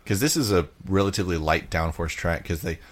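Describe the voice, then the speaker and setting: A man's voice: sits low, brisk. A man co-hosting a podcast, chatting casually and saying "like" a lot, with dry quips. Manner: chatty, lots of likes, dry corrections. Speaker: podcast co-host. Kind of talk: casual race recap chat.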